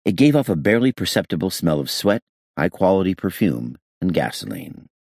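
A man reading a novel aloud as a steady, lively narrator. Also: low-pitched, fairly quick, vocal fry, dry recording, studio quality. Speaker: audiobook narrator. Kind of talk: scripted narration.

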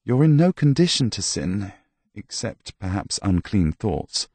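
A man voicing a kindly, gently wry priest who reassures a sick patient. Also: fairly low pitch, big pitch swings, a little slow, no room sound. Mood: reassuring.

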